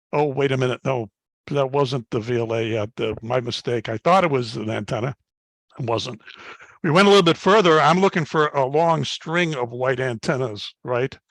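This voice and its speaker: An older man in his seventies gives a guest slide talk to an astronomy club, moving through his slides in a folksy, anecdotal way. His voice sits at a middling pitch, and his speech is full of "uh"s and little restarts. The sound is dry and close, with no room around it. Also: fairly bright tone, no room sound. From Chicago, United States. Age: 70s. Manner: folksy storytelling with frequent fillers and restarts.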